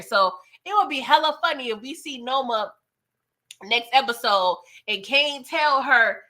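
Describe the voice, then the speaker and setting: A woman's voice: high-pitched, measured pace, bright, forceful tone. A woman hosting a live recap of a TV episode, talking in casual, slangy chat with plenty of laughs and playful sass. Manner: slangy, laughs often, playful sass, acts out quoted dialogue. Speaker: TV recap host.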